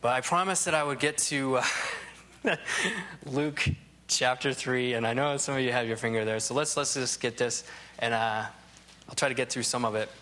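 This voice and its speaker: A man of middle pitch giving a Bible lesson, speaking in a relaxed, unscripted way. He wanders through asides and restarts his thoughts as he goes. His tone stays friendly and plain throughout. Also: normal speed. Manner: rambling, full of "you know" asides and restarts. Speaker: Bible teacher. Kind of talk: conversational Bible teaching.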